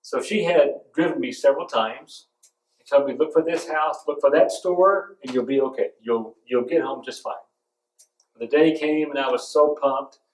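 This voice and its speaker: A man's voice: mid-range voice, normal speed. A man preaching a sermon, telling stories and hammering home points with emphatic repetition. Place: church sanctuary. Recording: roomy echo, from a distance.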